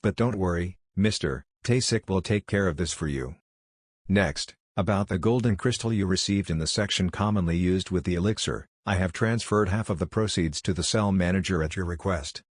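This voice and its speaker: Deep dry-voiced male recap narrator. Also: normal speed, dry recording.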